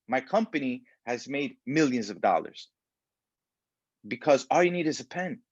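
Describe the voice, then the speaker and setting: A man giving a motivational self-help talk in a preachy, animated way, acting out the voices of people he quotes. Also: on the high side, husky, no room sound. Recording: dull lo-fi sound.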